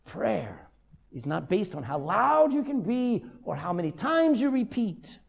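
Older male pastor with a high voice. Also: unhurried, gravelly, husky. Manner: humorous, lively storytelling. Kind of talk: sermon.

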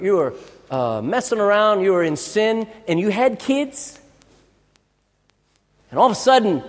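Animated high-voiced preacher, big hall. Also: male voice. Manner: emphatic, rhetorical questions. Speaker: pastor. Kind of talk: sermon. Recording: long hall reverb.

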